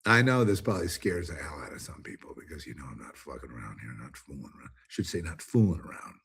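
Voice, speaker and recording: A man's voice: very deep voice, very animated, quick pace, gravelly, a bit bright, slightly rough. A man hosting his own commentary show, ranting alone in an emphatic, rambling way with many restarts. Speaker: commentary host. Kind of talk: ranting solo monologue.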